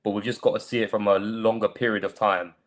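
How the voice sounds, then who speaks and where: A man giving measured, reasoned football analysis as a panelist on a fan show. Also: fairly low pitch, level tone.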